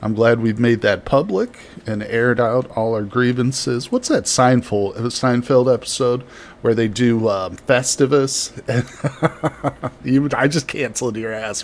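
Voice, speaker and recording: A man doing live gameplay commentary and chatting with viewers in a jokey, rambling way, from a home streaming setup with the microphone very close to his mouth. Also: mid-range voice. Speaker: livestreamer.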